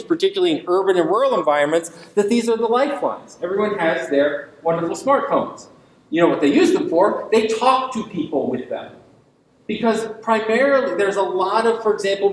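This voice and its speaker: A man giving an invited university lecture, talking emphatically with rhetorical questions and ironic asides. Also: high-pitched. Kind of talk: public lecture. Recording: echoey lecture hall.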